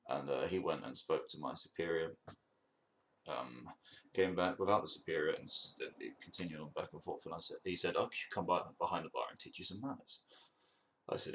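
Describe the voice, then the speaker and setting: Very deep, gravelly man telling a story. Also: animated, a little fast, a bit bright. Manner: swearing, rambling, laughing at his own jokes. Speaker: podcast host. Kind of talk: casual storytelling monologue.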